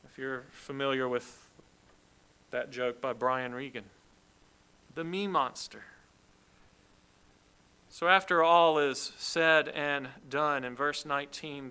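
A man preaching a sermon, explaining a scripture passage in a deliberate, emphatic way. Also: a little high, sharp tone, clear, resonant tone, low-quality recording. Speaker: pastor.

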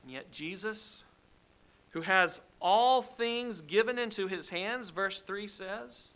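A man's voice: high-pitched, pushed and bright. A man preaching an expository sermon, emphatic and dramatic, acting out the quoted lines with rising force. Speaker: pastor.

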